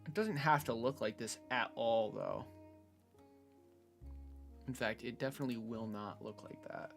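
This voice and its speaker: A man thinking out loud in a casual screen-recorded build log, hesitant with many fillers and restarts, from his room at home. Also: mid-range voice, measured pace, creaky, faint music behind. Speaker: hobbyist robot builder. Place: bedroom at home.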